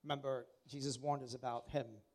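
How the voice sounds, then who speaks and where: A man's voice: medium pitch, little pitch movement, fairly quick, a little mellow, slight background noise. A man preaching a sermon, bluntly exhorting the congregation and telling them to turn to their neighbors.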